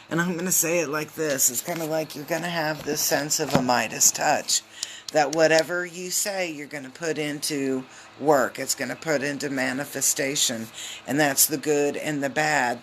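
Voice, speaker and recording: A woman giving a casual live tarot reading on a phone, chatty and loose, with lots of filler ums and quick hellos to her viewers. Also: low-pitched, fairly bright tone, a little hiss or hum. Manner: greets viewers mid-reading. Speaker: tarot reader.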